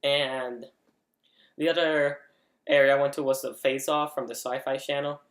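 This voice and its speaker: A man talks through a casual review in a chatty, rambling way, often leaning on "like" and restarting his sentences. His voice sits at an ordinary middle pitch. The recording has a roomy echo around him. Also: steady tone, moderate pace. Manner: chatty, with frequent "like" fillers and restarts. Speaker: vlogger reviewing an event.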